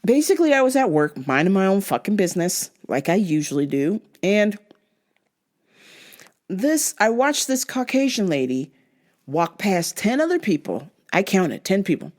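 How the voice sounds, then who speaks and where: A woman's voice: big pitch swings, normal speed, a little mellow. A woman hosting her own show, telling a story in a blunt, profane, casual rant. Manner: blunt and profane, big swings in pitch. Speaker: show host.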